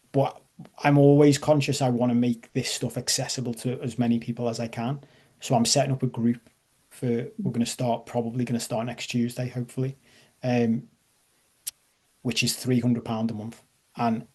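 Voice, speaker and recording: Male coach, mellow tone, casual joking masterclass delivery over a video call. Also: mid-range voice. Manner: conversational, self-deprecating humor, checks in with audience. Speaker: life coach. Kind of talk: live online masterclass talk.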